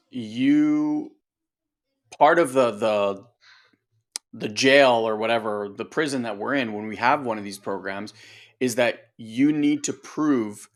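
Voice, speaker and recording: Animated man coaching in casual talk. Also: mid-range voice. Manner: animated, acts out voices, conversational. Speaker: coach and co-host.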